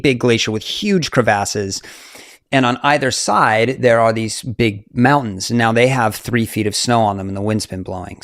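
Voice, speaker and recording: Animated mountaineer man telling stories. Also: lowish voice, dry recording, studio quality. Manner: animated, fillers, laughs often. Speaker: guest mountaineer. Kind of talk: casual storytelling interview.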